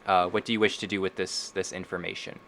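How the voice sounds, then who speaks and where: Male game master, bright voice, laid-back descriptive narration for an online tabletop game. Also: deep voice, fast talker, gravelly, a little hiss or hum. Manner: descriptive, relaxed storytelling with frequent restarts. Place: home, online voice call.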